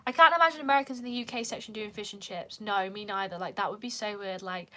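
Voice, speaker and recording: A woman's voice: a little high, lively intonation, fairly quick, hardly any pauses, fairly bright tone. A young British woman chatting casually as a vlogger, talking in a rambling way and saying "like" a lot. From United Kingdom. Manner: chatty, peppered with "like". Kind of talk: casual chat.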